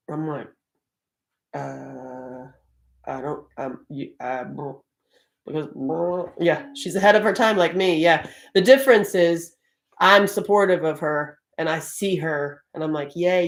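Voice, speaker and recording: A middle-aged woman hosting a live stream in casual, animated talk, laughing often. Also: fairly low pitch. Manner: animated, laughs often, Southern-tinged "y'all".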